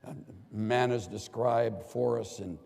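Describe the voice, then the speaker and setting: Gravelly older man preaching in a hall. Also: medium pitch, takes it slowly. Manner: earnest, animated, acts out quoted pleas. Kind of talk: sermon. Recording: long reverb of a large hall.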